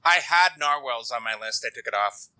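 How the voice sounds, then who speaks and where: A man's voice: mid-range voice, lively intonation, normal speed, sharp tone. A man co-hosting a podcast in casual chat, stammering and repeating words. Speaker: podcast co-host.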